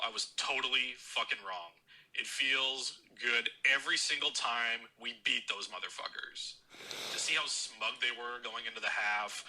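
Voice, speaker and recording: Heated, foul-mouthed football fan, bright voice. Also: male voice, medium pitch, low-quality recording. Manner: swears constantly, mocking and heated. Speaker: caller leaving a voicemail. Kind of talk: profane fan rant.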